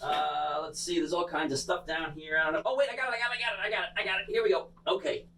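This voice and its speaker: A man's voice: a little high, very fast. A man performing an interactive bubble show for children, talking playfully to an unseen young audience. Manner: animated and showy.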